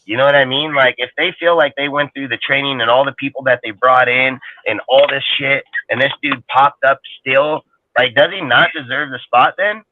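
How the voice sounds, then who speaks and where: A man's voice: medium pitch, normal speed, slight background noise. A man talking football on a casual sports talk show, rambling, profane and heated. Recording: tinny phone-like line, dry.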